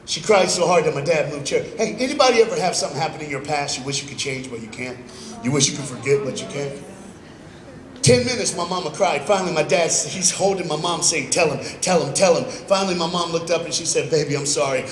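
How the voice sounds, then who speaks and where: A man's voice: a little high, slight background noise. A middle-aged man giving an emphatic, storytelling motivational speech at a school assembly, recorded in a gym from the audience. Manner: emphatic, storytelling, builds to loud bursts. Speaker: motivational speaker. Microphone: phone in the audience. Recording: echoey gym recorded from far off.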